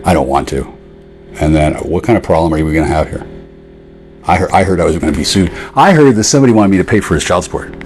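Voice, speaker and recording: A man's voice: animated, quick pace, a little mellow, a little hiss or hum. A man delivering a profane, sarcastic, confrontational rant at an absent woman. His delivery swings from jeering outbursts to muttered asides. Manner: lurching between jeering highs and muttered asides. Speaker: vlogger. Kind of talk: one-sided rant addressed to an absent woman.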